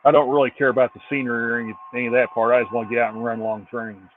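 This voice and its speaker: A man's voice: medium pitch, flat delivery, very fast, slight background noise. A man chatting casually as a guest, telling stories with dry humor. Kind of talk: casual chat. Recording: tinny phone-like line.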